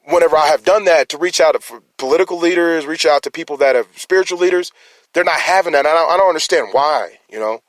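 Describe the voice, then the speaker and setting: On a dry recording, a slightly bright male voice on the high side delivers an emotional personal monologue. Speaking as a concerned citizen, he rambles and restarts his sentences while challenging his listeners.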